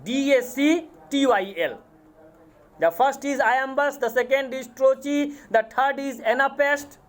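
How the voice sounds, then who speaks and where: A man with an Indian accent, a college English lecturer giving a lecture, speaking deliberately, repeating terms and spelling words out letter by letter. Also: extremely high pitch, fairly bright tone. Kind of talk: classroom lecture on poetic meter.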